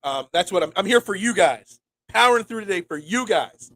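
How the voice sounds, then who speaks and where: A Pennsylvania man in his forties hosts a casual sports talk show while sick and congested. His high, lively, brisk voice sounds pushed and bright with no echo, and he rambles, stammers through many restarts, and reads and answers chat.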